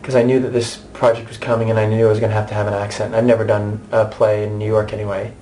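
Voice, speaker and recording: A man's voice: fairly low pitch, level tone, fast, warm tone, slight background noise. An American man in his thirties, an actor giving a candid, chatty interview with many restarts and asides. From United States.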